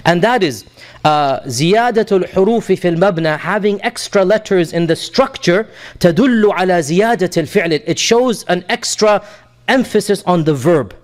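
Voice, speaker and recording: A man's voice: high-pitched, lively intonation, fast talker. A man teaching a lesson on scripture, explaining terms patiently step by step with small hesitations. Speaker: Quran teacher.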